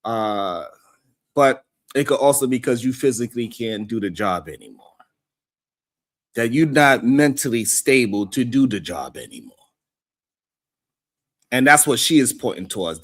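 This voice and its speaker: A host of a live call-in stream who talks casually, reacts to viewer comments and mocks critics with exaggerated voices. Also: male voice, medium pitch.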